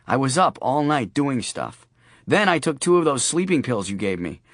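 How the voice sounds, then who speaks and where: A man's voice: medium pitch, sing-song, moderate pace, no room sound, voice pushed up. A male narrator voicing a worried young father with wry, earnest humor, recorded dry and close.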